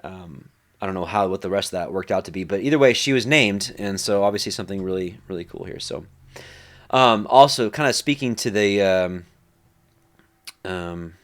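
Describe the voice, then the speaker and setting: A man's voice: deep voice, moderate pace. A man leading a Bible study in a casual, conversational way, full of fillers and acted-out quotes. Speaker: Bible teacher.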